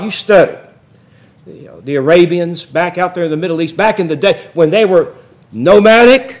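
A man preaching a sermon in a folksy, joking storytelling way that builds into loud excitement. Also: high-pitched. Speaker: pastor.

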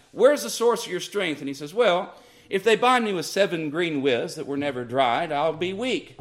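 A man's voice: fairly high pitch, a bit bright. A man preaching a sermon, emphatic and repetitive, his voice swinging up and down. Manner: emphatic, rising and falling with repeated phrases.

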